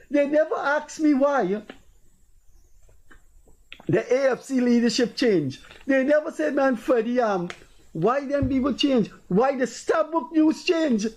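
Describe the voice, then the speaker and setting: A Guyanese man hosting a political talk show offers casual commentary in a voice pitched higher than most men's yet dark and mellow. He spins long stories, hammers his points through emphatic repetition, and acts out the people he quotes in a raised voice. The recording quality is low.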